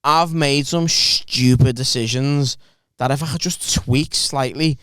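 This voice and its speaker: Sweary storytelling lad, smooth voice. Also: male voice, mid-range voice, unhurried, no room sound, studio quality. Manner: swearing storyteller, animated impressions. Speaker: podcast co-host. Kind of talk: casual chat.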